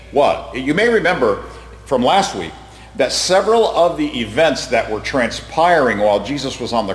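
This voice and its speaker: A man teaching a Bible study class in a conversational way, quizzing the group and often repeating his words. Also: medium pitch. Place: room with a class present. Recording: echoey hall reverb.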